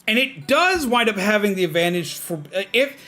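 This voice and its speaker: A man's voice: high voice, sing-song, normal speed, bright, forceful tone. A man streaming a game, ranting in casual, profane talk with lots of fillers. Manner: rambling, profane, frequent fillers. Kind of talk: casual rambling stream chat.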